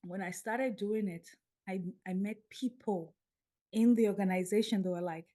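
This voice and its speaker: A middle-aged woman recounts a personal story as a podcast guest. She tells it in an animated way, acting out the voices of the people in it. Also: mid-range voice, normal speed. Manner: animated, acts out dialogue. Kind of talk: storytelling in an interview.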